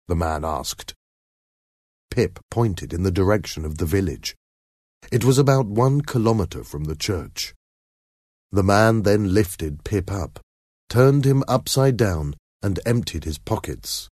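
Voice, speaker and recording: Male narrator, low and husky, dry close sound, expressive storytelling. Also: unhurried, no echo. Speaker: audiobook narrator. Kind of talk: scripted narration.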